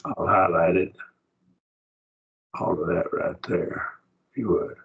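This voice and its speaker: Male teacher, low husky voice, patient classroom explainer, lo-fi recording. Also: fairly even intonation, takes it slowly. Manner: patient, explaining step by step with frequent checks. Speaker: Greek grammar teacher. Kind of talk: classroom lesson.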